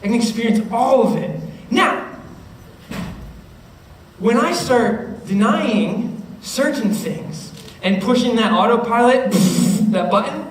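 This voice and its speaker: A young man giving an animated youth talk to middle schoolers, often checking in with his listeners and acting out their voices. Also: very high voice, slow. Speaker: youth speaker. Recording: roomy, distant mic with faint noise.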